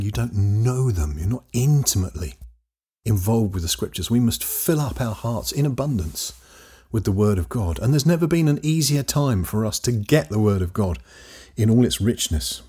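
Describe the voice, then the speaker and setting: Husky low-voiced man teaching scripture. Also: mellow. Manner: emphatic scripture reading with dramatic pauses. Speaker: Bible teacher. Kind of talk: Bible teaching lesson.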